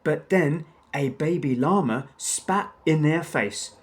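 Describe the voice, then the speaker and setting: A man narrating a children's storybook aloud in a measured storytelling manner. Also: on the high side.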